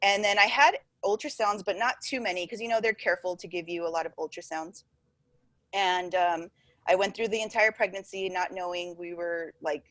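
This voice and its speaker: A woman's voice: on the low side, no echo. A woman in her twenties, a podcast host, telling a personal story in casual chat, full of fillers and laughter.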